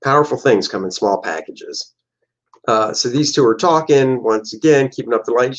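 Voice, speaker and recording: A man's voice: medium pitch, lively intonation, normal speed, lo-fi sound. A man, a comic book artist, chatting casually and joking on a livestream while looking back over his pages. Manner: joking, chatty, acts out characters' lines.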